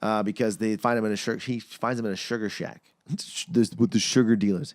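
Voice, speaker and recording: A man's voice: lowish voice, a little fast, dry recording. A man co-hosting a podcast in casual movie-review chat, swearing freely and sometimes slipping into mocking impressions. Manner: animated, slips into mocking impressions. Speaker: podcast co-host.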